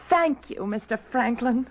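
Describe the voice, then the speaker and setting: A woman's voice: high-pitched, animated, slow pace. An actress playing an earnest, anxious young woman protective of her fiancé, in a radio drama. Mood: upset. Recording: muffled 1970s radio drama.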